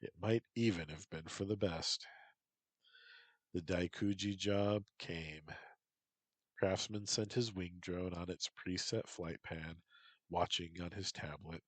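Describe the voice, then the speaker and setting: A man reading a story aloud in a steady, measured narration. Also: sits low, husky, dry recording, rough recording.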